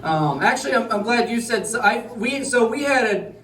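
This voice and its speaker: A male stand-up comedian telling a rambling, self-deprecating set in deadpan. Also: very high voice, normal speed, recorded from a distance. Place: comedy club stage. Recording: roomy club sound with crowd laughter.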